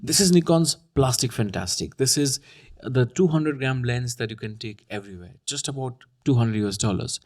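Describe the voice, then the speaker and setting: Brief Man in his own voice, chatty and teasing, mid-pitched, casual commentary to camera. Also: a little mellow. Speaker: camera YouTuber. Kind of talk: casual talking-head commentary.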